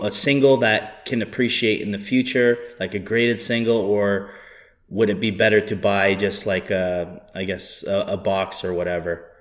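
A man asking questions in a casual chat, hesitant and halting. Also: on the low side, a bit bright. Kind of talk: casual conversation.

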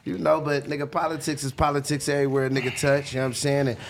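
A man's voice: fairly high pitch, little pitch movement, rapid-fire, gravelly, a little hiss or hum. A man from Northern California, a guest rapper, talking in a laid-back, slang-heavy way in a casual interview.

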